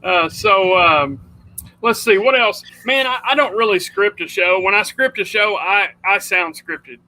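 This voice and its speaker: A man with a high, very bright and sharp voice hosts a loose livestream from his home computer. He rambles and chats freely. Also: measured pace, poor audio. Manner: rambling, chatty, says dude a lot. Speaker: livestream host. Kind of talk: casual livestream chat.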